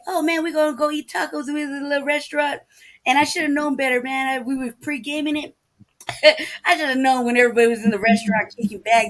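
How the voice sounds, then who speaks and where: A woman in casual chat, telling loud, profane stories with lots of laughter and quick impressions of her brother. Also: fairly high pitch. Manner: profane, animated anecdotes.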